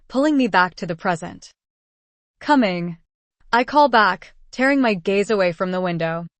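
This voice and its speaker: A woman's voice: medium pitch, no echo. Woman reading a story, dry close sound. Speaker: audiobook narrator. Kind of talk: scripted first-person narration.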